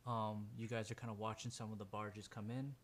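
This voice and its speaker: A man's voice: lowish voice, flat delivery, a little fast, slight background noise. A man running a tabletop role-playing game as game master, narrating in a casual way with many fillers and restarts.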